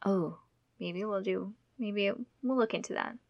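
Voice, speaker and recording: A young woman co-hosting a podcast in casual chat, gushing and enthusiastic, often trailing off softly. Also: medium pitch, unhurried, no room sound, dull audio. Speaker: podcast co-host.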